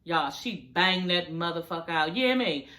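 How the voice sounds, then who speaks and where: A woman's voice: on the low side, animated, normal speed, pushed and bright. A woman giving a blunt, sassy, casual reaction review of a TV show, swearing freely. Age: adult with a daughter.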